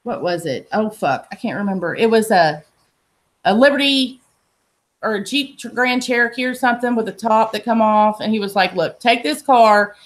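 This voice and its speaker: A woman's voice: mid-range voice, moderate pace. A woman telling a story in a casual, blunt and profane way. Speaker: podcast host telling a story.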